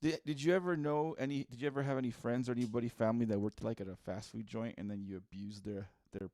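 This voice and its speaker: A man's voice: mid-range voice, fairly even intonation, fast talker, dark tone, no room sound. A man co-hosting a podcast in casual chat, rambling through stories, swearing and laughing often. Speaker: podcast co-host.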